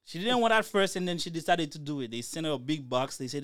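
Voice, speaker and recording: A man's voice: medium pitch, fast talker, few pauses, no echo, clean studio sound. A man in his thirties co-hosting a casual chat, telling a long story and acting out the quotes. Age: 30s. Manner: animated storyteller, acts out quotes. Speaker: podcast co-host.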